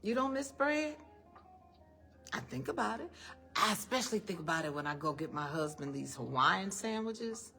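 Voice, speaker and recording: A woman's voice: low-pitched, expressive, brisk, sharp tone, soft background music. A woman giving an emphatic, faith-based motivational talk to a live audience, firing off rhetorical questions and calling listeners "honey". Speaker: speaker addressing a live and online audience. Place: event room with an audience.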